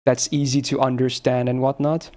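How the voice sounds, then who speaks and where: A man's voice: mid-range voice, level tone, normal speed, mellow. A young man from Finland, a native Finnish speaker with a mostly American-sounding English accent, chatting casually on a livestream, laid-back, swearing freely and laughing often. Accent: near-American English, slight Finnish trace. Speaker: streamer. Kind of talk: casual livestream chat with chat readers.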